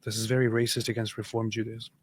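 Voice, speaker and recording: A man's voice: fairly low pitch, little pitch movement, fast, breathy edge, no room sound. Man, 30s, livestream host, sarcastic exasperated commentary, repeats phrases, dead dry sound. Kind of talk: casual commentary reading viewer chat.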